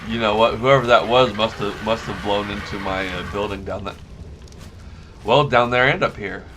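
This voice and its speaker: Lowish male gamer, chatty and rambling over gameplay, audible background noise. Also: vocal fry, fairly bright tone. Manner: rambling, self-correcting, easily amused. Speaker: gaming YouTuber. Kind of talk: casual let's-play commentary.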